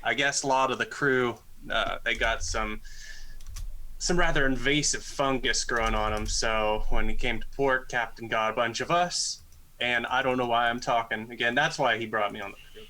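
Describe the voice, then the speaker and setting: A blunt, bluffing sailor in a tabletop game, played by a man, with rough, slangy speech and a bright, forceful voice. He sounds like an ordinary man putting little change on his own voice. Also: medium pitch, steady tone, normal speed, natural voice.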